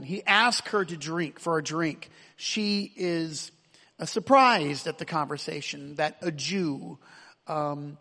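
A man's voice: fairly high pitch, a bit bright, big-room sound. A man preaching a sermon as pastor, emphatic, with frequent repeated words and restarts.

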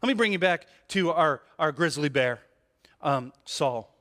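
A male pastor preaching a sermon with animated delivery, rhetorical questions and frequent "right?" asides, restarting and repeating words as he builds a point. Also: a little high, unhurried. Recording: long hall reverb.

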